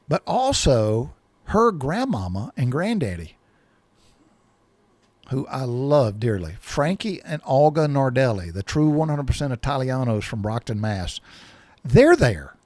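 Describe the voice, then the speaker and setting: A man's voice: a little high, dry recording. A man in his sixties telling a personal story in a folksy, rambling way, often repeating himself.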